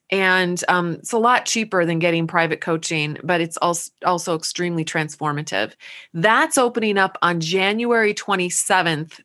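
Bright, upbeat woman podcast host. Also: mid-range voice. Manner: upbeat and chatty, spells out web addresses. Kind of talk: casual podcast wrap-up.

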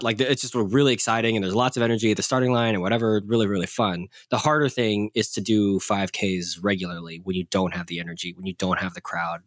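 A man's voice: fairly low pitch, fairly bright tone, no echo, clean studio sound. A man co-hosting a podcast in casual chat, thinking aloud and rambling with many fillers. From United States. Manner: thoughtful, rambling, full of fillers. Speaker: podcast co-host.

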